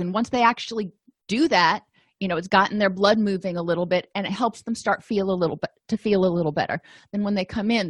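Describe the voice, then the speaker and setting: A woman's voice: medium pitch, no echo. Middle-aged woman lecturing in a dry room. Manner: conversational, thinking aloud with fillers and restarts. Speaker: instructor. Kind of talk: recorded lecture.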